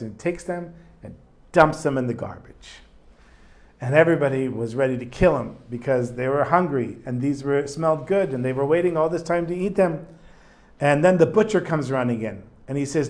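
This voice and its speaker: A man's voice: medium pitch, normal speed, a little mellow. A man teaching a religious lesson in a casual storytelling manner, with asides. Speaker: Torah teacher.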